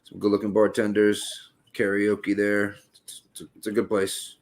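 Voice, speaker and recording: A man's voice: on the low side, completely flat delivery, moderate pace. A man in his late thirties with a Boston accent, talking in casual podcast chat, rambling with restarts and frequent swearing. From Boston area.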